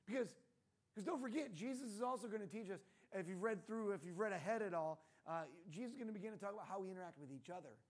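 A man's voice: sits high, lively intonation, quick pace. A male pastor giving a casual, conversational sermon in a church room, often tossing in rhetorical questions like "right?".

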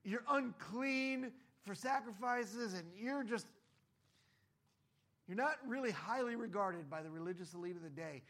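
A pastor preaches a sermon conversationally, acting out the voices of people in his stories when quoting them. His voice is high, expressive and fairly bright, and he takes his time.

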